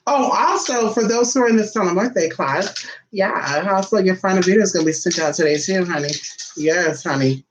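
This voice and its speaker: A woman talking casually to her viewers in a sassy, profane monologue, full of drawn-out teasing asides. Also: on the low side, expressive, noisy background. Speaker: spiritual vlogger.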